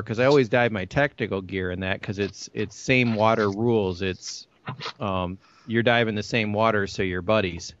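A man hosting a casual online chat, telling rambling, animated anecdotes with frequent restarts. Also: lowish voice, moderate pace, no echo. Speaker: podcast host. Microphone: call over the internet. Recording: muffled lo-fi online call.

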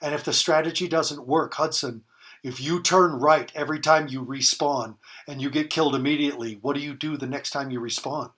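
A podcast guest in his fifties talks a little fast, his voice on the high side, a bit bright, and fairly even in intonation. In this conversational interview he gives emphatic parenting advice, repeating key phrases for emphasis.

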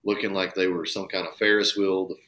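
A man's voice: low-pitched, little pitch movement, a little fast, sharp tone, a little hiss or hum. A man talking earnestly and emphatically on a casual podcast, swearing now and then. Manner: earnest, emphatic, profane at times. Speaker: podcast guest, bowhunter.

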